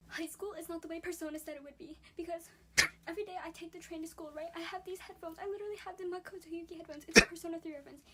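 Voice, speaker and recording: A man putting on the voice of a bubbly anime-obsessed high school girl, gushing in rapid chatter. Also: steady tone, heavy background noise.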